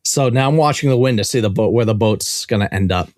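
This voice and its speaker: A man hosting a podcast and telling a long story in an animated, profane, casual way. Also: lowish voice, quick pace, no echo, studio quality. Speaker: podcast host. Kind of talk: casual chat.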